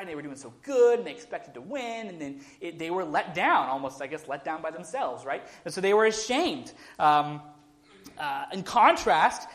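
Young male pastor, relaxed conversational sermon delivery, lightly raised pitch. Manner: informal, frequent "right?" tags and restarts. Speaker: preacher. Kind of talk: casual sermon.

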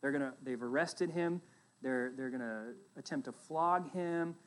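A man preaching a sermon as pastor, retelling a scripture story with loud emphatic bursts and quiet, dropped asides. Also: mid-range voice, a little slow.

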